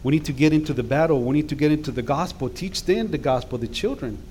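This middle-aged man talks fast in a somewhat high, darkish voice over a light hiss or hum. He's a guest pastor in a church sanctuary, and his impassioned sermon grows into emphatic calls to action.

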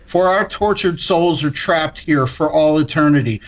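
Brief: solemn overwrought ghost man, put on by the narrator, pitched a touch high. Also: normal speed, natural voice.

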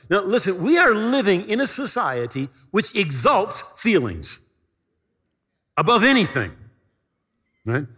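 A man's voice: high-pitched, bright, forceful tone, breathy edge, long reverb tail. A male pastor preaching a sermon with fervent, emphatic delivery and repeated phrases.

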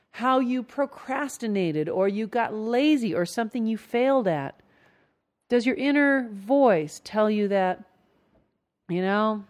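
A woman coaching her listeners through a relaxed self-help lesson at a middling pitch. She talks to them directly and asks question after question. When she acts out the inner voices she shifts her tone. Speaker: self-help coach leading a trance series.

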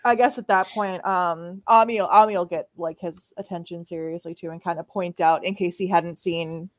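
A woman's voice: fairly low pitch, steady tone, moderate pace, no room sound. A woman playing a tabletop game, chatting in a playful, giggly way. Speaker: player. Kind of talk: casual chat in a tabletop game.

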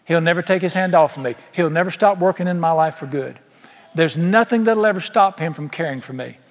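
A man's voice: on the high side, fairly quick, long reverb tail. A man preaching a sermon in a large church, folksy and emphatic, firing rhetorical questions at the congregation. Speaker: pastor.

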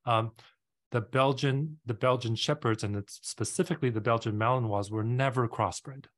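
A man's voice: mid-range voice, normal speed. A man hosting a casual podcast interview, explaining at length with many fillers and restarts. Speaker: podcast host.

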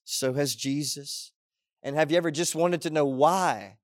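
A man delivers a sermon in an impassioned preaching voice that sits a little high for a man. He presses his listeners with repeated rhetorical questions. The recording is dry, with almost no room sound. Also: measured pace, dry recording. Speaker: pastor.

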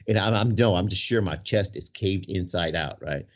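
A man's voice: sits low, brisk. A man telling a long personal story in casual conversation, rambling and checking in with "right?" as he goes. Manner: rambling, full of "right?" and restarts. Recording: dull lo-fi sound.

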